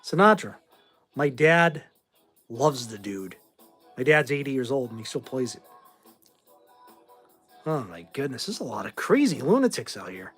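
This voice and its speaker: A man's voice: medium pitch, very animated, unhurried, pauses often, a bit bright, breathy edge, soft background music. A man in his forties from Boston, hosting a casual livestream chat and answering viewer questions in a rambling, offhand way with blunt opinions. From Boston, Massachusetts. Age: 40s. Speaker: host.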